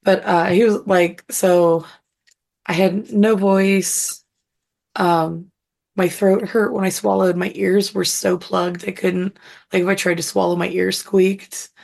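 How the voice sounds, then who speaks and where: A woman with a husky, hoarse voice from being sick and a gravelly crackle underneath it. She co-hosts a casual podcast chat and rambles through her story with lots of "like" and "um.". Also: mid-range voice, little pitch movement, slow, a little mellow. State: hoarse from illness. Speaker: podcast co-host.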